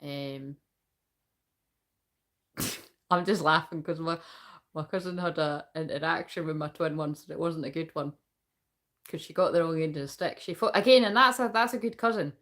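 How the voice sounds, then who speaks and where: Woman tarot reader, loose rambling delivery, frequent swearing, slightly low pitch. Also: normal speed, long pauses, a bit bright. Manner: rambling, swears freely, laughs often. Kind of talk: casual live tarot reading.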